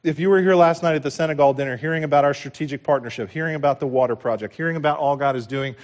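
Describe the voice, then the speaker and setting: A man's voice: a little high, very fast. Impassioned pastor, a man preaching. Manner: impassioned preaching with big swings from loud to hushed; repeats phrases for emphasis. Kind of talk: sermon.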